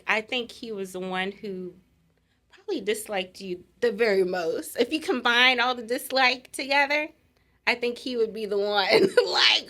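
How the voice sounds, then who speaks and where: A woman's voice: fairly high pitch, pushed and bright. A middle-aged woman casually telling the story of her engagement, laughing often as she goes. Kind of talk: casual chat.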